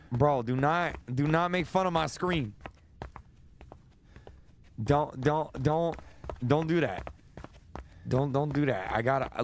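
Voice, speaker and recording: Young man, streamer, nervous repeated exclamations, strained voice, faint hiss behind. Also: medium pitch. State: losing his voice. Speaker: gaming streamer. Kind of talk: live horror game commentary.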